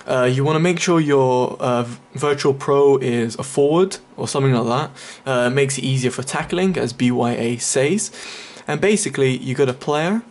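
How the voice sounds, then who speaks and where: A man's voice: medium pitch, normal speed, hardly any pauses, darkish tone. Casual man talking through a game guide. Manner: chatty, explains step by step with fillers. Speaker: gaming video creator. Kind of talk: casual game walkthrough commentary.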